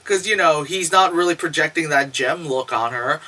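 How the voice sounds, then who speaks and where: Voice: mid-range voice, normal speed, bright, forceful tone. A movie reviewer recapping a film in a casual, rambling way, swearing often and saying "like" constantly. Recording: roomy, distant mic.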